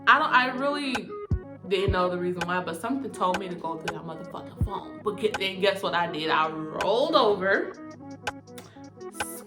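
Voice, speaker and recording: A young woman telling a personal story in a casual storytime vlog, profane and animated, jumping high in pitch when she acts out what people said. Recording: music playing behind the voice.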